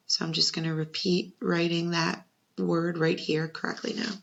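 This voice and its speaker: A woman's voice: on the low side, flat delivery, moderate pace, creaky, slight background noise. A woman teacher giving a patient second-grade spelling lesson, sounding out syllables and encouraging young learners. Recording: muffled lo-fi recording.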